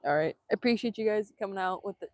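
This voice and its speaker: A woman vlogger chatting excitedly on a live stream outdoors, laughing often and filming on a handheld phone. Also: medium pitch, fast, dry recording, clean studio sound. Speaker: vanlife vlogger. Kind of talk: casual live-stream chat. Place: outdoors in Hawaii.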